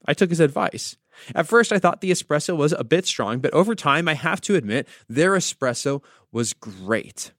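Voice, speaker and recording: A man's voice: on the high side, expressive, moderate pace, fairly bright tone, no echo, studio quality. A man hosting a devotional podcast, teaching with storytelling and wry asides. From United States. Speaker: podcast host.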